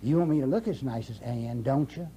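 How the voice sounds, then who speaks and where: A man's voice: mid-range voice, brisk, dark tone, slight background noise, lightly acted. An older man voicing his sweetly coaxing wife in a story, asking coaxing questions.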